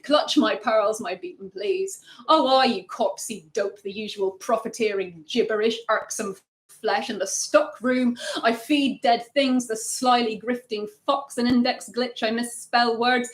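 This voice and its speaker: A poet, a woman, reading her own work aloud at a live launch, dropping low and quiet then lifting loud. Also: unhurried.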